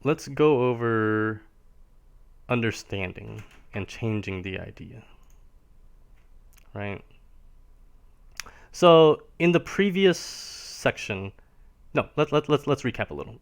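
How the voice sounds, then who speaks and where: The man running this live-streamed piano lesson speaks slowly and animatedly, pausing often, in a smooth but creaky voice of medium pitch. He explains things patiently, checking in with a questioning "right?" at the end of nearly every phrase.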